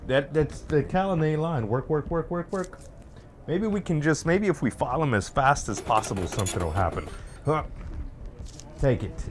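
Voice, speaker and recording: A man's voice: fairly high pitch, animated, normal speed, faint music behind. A man playing a VR game, chatting casually to viewers and the objects he handles, with nervous laughs. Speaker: gaming YouTuber. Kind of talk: casual let's play commentary.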